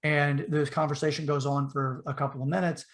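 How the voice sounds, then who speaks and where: Guy rambling thru a story on a podcast, kinda high voice, lots of uhs, does the voices. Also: brisk. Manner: animated retelling, acts out the voices in his story; loose and rambling, with many fillers and restarts. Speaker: podcast host telling a story. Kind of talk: casual storytelling.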